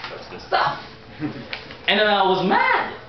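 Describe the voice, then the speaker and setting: Male life coach, animated motivational storyteller, slightly high voice, far off in a boomy room. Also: slow, background noise. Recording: echoey room, distant dull mic.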